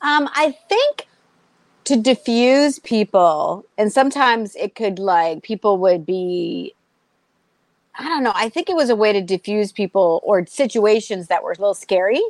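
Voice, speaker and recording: Speaking at a measured pace in a mid-range voice with no echo, this young woman is a comedian guest in a casual interview chat. Originally from Massachusetts, she has a Boston-area American accent and spins lively, sarcastic anecdotes, voicing the people in them herself.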